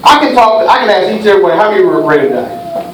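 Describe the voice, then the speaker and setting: A high-pitched man preaches a dramatic sermon, dropping to a hush and then rising to a shout. He sounds far off, his voice ringing through a very echoey church hall over a faint hiss. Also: lively intonation, very fast. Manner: dramatic storytelling preaching, swinging between hushed and shouted.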